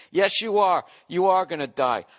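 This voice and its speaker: Podcast host, man in his 40s, from the United States, high bright voice, sarcastic profane rant. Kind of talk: solo comedic rant.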